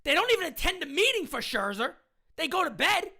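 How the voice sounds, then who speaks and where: Woman, very high voice, bright and sharp, heated profane live-stream rant, repeats herself. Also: very animated, a little fast. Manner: fiery, profane, repeats lines for emphasis, often shouting. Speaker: host of a fan live stream.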